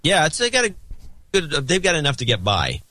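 A man's voice: a little high, wildly swooping pitch, fairly quick, pushed and bright, no echo. A male co-host making dry interjections in a casual political chat.

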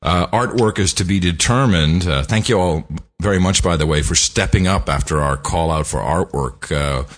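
Husky-voiced male podcast host. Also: sits low. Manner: chatty, with many filler pauses. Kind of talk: casual chat. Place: studio.

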